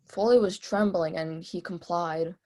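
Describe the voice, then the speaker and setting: A woman's voice: lowish voice, steady tone, measured pace, darkish tone. A woman playing a brash bank robber witness. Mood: offhand. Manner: casual, streetwise, offhand. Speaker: witness in a mock trial. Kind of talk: mock trial role-play testimony. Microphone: video call.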